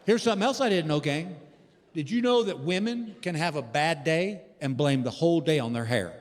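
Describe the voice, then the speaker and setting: On a theater stage, a stand-up comedian in his sixties tells stories with animation and talks directly to the audience. His voice sits on the high side and moves a little fast. Long reverb and a faint hiss come through in the recording.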